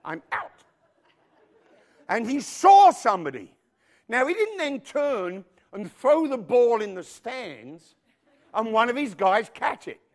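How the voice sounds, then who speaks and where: A high-voiced man preaches a sermon, emphatic and animated, firing rhetorical questions at his congregation.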